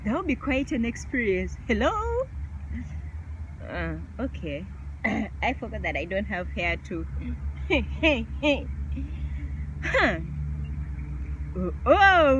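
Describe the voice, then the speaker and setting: A woman's voice: medium pitch, a bit bright, lo-fi sound, slight background noise. A woman vlogger chatting casually through a question game, laughing often.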